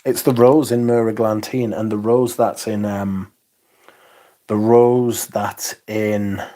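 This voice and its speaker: A man in his forties hosts a casual fragrance livestream, chatting and reading out viewer comments in a rambling way with swearing. His voice is on the low side, mellow and slow, with little pitch movement.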